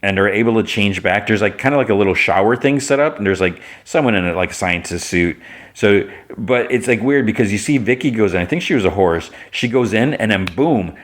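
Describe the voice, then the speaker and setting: An expressive man with a lowish voice hosts a podcast, speaking fairly quickly. He casually retells an episode in a rambling way, leaning heavily on filler words.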